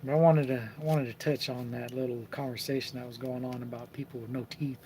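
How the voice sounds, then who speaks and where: A man hosting a casual live stream about card collecting, telling lively stories and mimicking the people in them. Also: mid-range voice, a little fast, slight background noise. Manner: animated storyteller who mimics voices and laughs.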